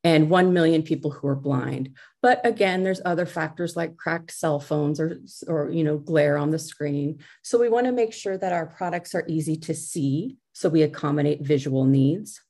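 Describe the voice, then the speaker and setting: A woman's voice: low voice, normal speed, hardly any pauses, dark tone. A middle-aged woman giving a conference talk over a video call, speaking conversationally with fillers and restarts.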